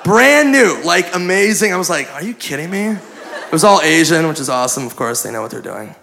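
A man's voice: on the high side, lively intonation, moderate pace, gravelly, pushed and bright. A man doing stand-up, telling a crude story and acting out the dialogue, recorded live on a club stage with a handheld mic. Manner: acts out quoted dialogue, crude and profane. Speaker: stand-up comedian. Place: comedy club stage before a live audience. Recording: live club recording with audience laughter and noise.

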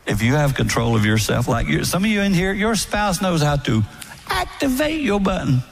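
A man giving a sermon-style talk to a live audience, telling folksy stories with soft, whispered asides. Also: on the high side, very animated, normal speed, gravelly, faint music behind. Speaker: speaker at a marriage event.

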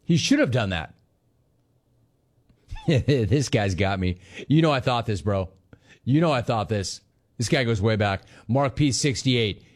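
A man's voice: medium pitch, lively intonation, measured pace, long pauses. A man hosting a sports talk show, reacting to callers and news in a sarcastic, mocking way and laughing often.

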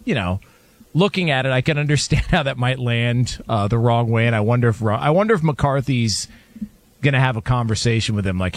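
A man's voice: mid-range voice, expressive, fairly quick, no echo. A man co-hosting a sports talk show, telling stories in a casual, laughing manner. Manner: storytelling, laughing often. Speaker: sports podcast co-host. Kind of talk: casual chat.

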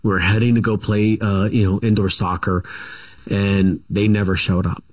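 Picture a middle-aged man with a fairly low voice, talking through his childhood in a loose, meandering way. He keeps stopping to restart his sentences and fills the gaps with "um" and "you know." This is a guest's relaxed interview storytelling. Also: moderate pace. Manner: rambling, many fillers and restarts. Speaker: guest author.

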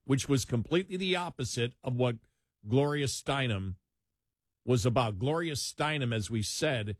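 A man co-hosting a talk show, speaking in emphatic, animated commentary with frequent laughs. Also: medium pitch, moderate pace, dry recording, clean studio sound. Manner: animated, emphatic, laughs while mocking opponents. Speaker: co-host.

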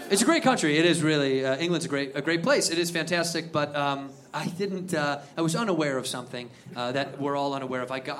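A man's voice: on the high side, a bit bright. A man performing a stand-up comedy set before a live audience, telling a story animatedly and acting out the characters. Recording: live show with crowd and noise. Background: audience laughter.

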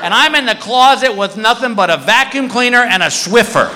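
High, lively stand-up comedian man. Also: brisk, crowd noise, noisy background. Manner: animated, laughing through the story. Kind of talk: stand-up storytelling.

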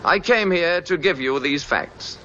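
A man's voice: a little high, animated, unhurried, pushed and bright, a little hiss or hum. An actor playing a grave, commanding alien envoy man in a 1950s film, speaking with a clipped, formal transatlantic accent on a lo-fi old soundtrack. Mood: stern.

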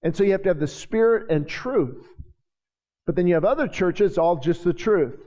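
A man preaching a sermon in a church, joking with the congregation and building to shouted passages. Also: high voice, animated, normal speed. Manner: jokey asides to the congregation. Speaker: pastor. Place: church sanctuary. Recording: hall reverb, dull lo-fi sound.

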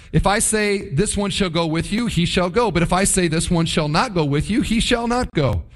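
A man preaching a sermon, reading scripture and retelling the story with lively, acted-out asides. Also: on the high side. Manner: lively storytelling, acts out voices of the people in the story. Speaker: pastor. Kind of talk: sermon, Bible teaching.

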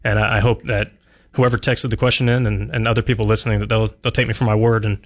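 A man's voice: fairly low pitch, level tone. Earnest male candidate on talk radio. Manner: earnest, measured, frequent "uh" and restarts. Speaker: political candidate, radio guest. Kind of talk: radio interview answers.

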